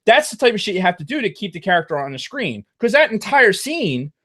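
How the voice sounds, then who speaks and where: A man's voice: high voice, big pitch swings, a little fast, fairly bright tone. A man co-hosting a podcast, ranting about a movie with heavy swearing. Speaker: podcast co-host. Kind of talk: casual profane movie chat.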